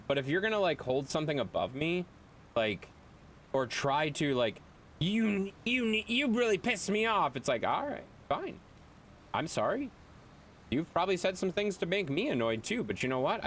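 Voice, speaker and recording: A man's voice: fairly high pitch, a bit bright, a little hiss or hum. A young man streaming a game, ranting bluntly and profanely to his chat. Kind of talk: casual live-stream chat while gaming.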